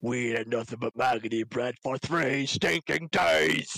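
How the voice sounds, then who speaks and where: A snarling, hungry orc soldier, put on by a man, growling and menacing. The voice leaps high and low, and it sounds a little distant from the mic. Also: a little slow, gravelly, pushed and bright, dry recording, full character voice.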